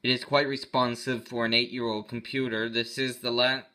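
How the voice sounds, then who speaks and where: Bright-voiced man rambling through a tech demo. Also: mid-range voice, flat delivery, normal speed. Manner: rambling, self-correcting, offhand. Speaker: tech channel host. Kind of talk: casual screen-recorded tech walkthrough.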